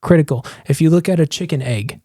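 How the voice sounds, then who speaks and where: A man co-hosting a sports podcast in casual chat, talking fast and emphatically, with frequent restarts. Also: fairly high pitch, warm tone, dry recording, clean studio sound. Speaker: podcast co-host.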